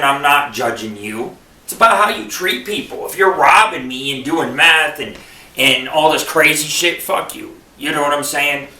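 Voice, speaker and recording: Guy from buffalo rambling through a stand-up style story, cusses a lot, bright sharp voice, kinda far from the mic. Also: medium pitch. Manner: profane, rambling and digressive storytelling. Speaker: radio show host. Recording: echoey room, far from the mic.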